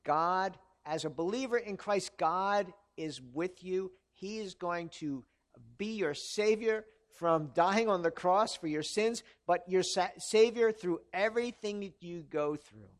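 High-voiced man preaching earnestly. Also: unhurried. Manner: earnest, conversational preaching with rhetorical questions. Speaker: pastor. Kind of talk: sermon.

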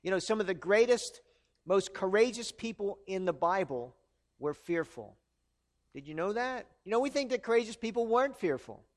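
A man with a high voice preaches a sermon. He keeps it earnest and conversational and often asks the congregation rhetorical questions. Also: animated, normal speed. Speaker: pastor.

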